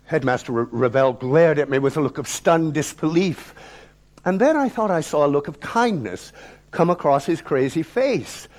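A man's voice: on the high side, lively intonation, normal speed. A man in his sixties, a theatre director, performing a dramatic, declamatory personal story on stage. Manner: dramatic, declamatory, sweeping shifts in loudness. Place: talk-event stage.

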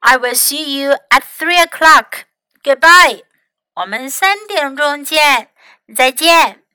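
A woman's voice: high-pitched, slow pace, sharp tone, no echo, heavily acted. A woman doing a brave little animal friend. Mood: eager.

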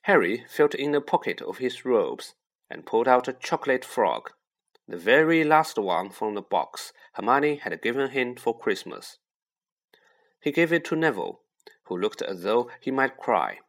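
A man narrating an audiobook in a measured, expressive way. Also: mid-range voice.

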